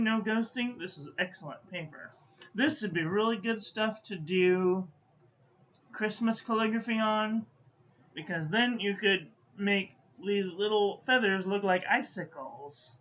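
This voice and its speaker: A woman giving a casual stationery review, muttering to herself and playfully scolding as she goes. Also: mid-range voice. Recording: dull lo-fi audio with faint background noise.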